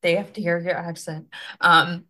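A woman's voice: on the low side, flat delivery, moderate pace, bright, forceful tone. A woman hosting a podcast, chatting in an upbeat, casual way with her guest. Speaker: podcast host.

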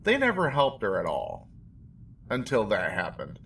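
A man with a lowish voice talks through a documentary in loose, rambling commentary, getting emotional and indignant as he goes. He sits a bit back from the microphone, so his voice sounds slightly distant. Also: huge pitch swings, a little slow, gravelly, fairly bright tone, slight background noise. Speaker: podcast host reacting to a documentary. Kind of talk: casual commentary.

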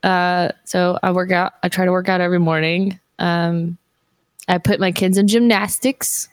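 Low-voiced woman, casual and rambling. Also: flat delivery, moderate pace, dry recording. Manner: rambling, heavy use of "like". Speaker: guest, mother and streamer. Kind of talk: candid casual conversation.

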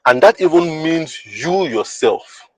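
A man's voice: fairly high pitch, expressive, slow pace, a bit bright, no echo, poor audio. A man hosting a podcast who teaches in an emphatic, repetitive way and often asks the listener whether they understand. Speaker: podcast host. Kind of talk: teaching monologue.

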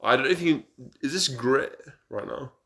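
A man's voice: medium pitch, moderate pace, pushed and bright. A young man co-hosting a podcast in casual chat, tipsy from drinking and rambling with stumbling restarts. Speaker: podcast co-host.

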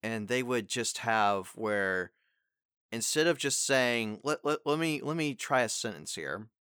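A male voice actor in casual chat, giving loose, rambling advice and dropping into quick acted line readings. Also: mid-range voice, expressive, pushed and bright, smooth, no echo, studio quality.

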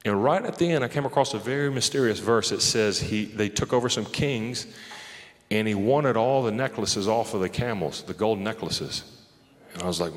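A man's voice: fairly low pitch, fairly quick. A man preaching a sermon in a loose, conversational way, often laughing and talking straight to the crowd. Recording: long hall reverb.

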